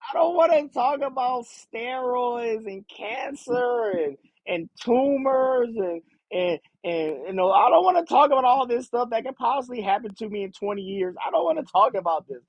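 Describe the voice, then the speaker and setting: A man's voice: very high voice, very animated, no echo, highs cut off, pitched above the performer's own voice, heavily acted. A man putting on the voice of a spoiled young woman, whining and pleading with her father for money. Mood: whiny pleading. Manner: whiny, drawn-out pleading with repeated "daddy".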